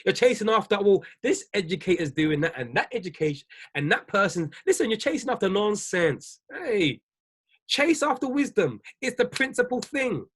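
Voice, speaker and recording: Husky, animated coach preaching. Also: male voice, sits high, normal speed. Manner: preachy, repetitive, emphatic, laughs often. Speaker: business coach. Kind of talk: livestream motivational talk.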